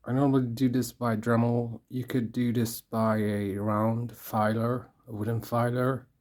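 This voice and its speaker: Slow, low-key hands-on tutorial voice. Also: flat delivery, a little mellow. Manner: slow and careful, talks to self while working. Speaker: craft tutorial maker.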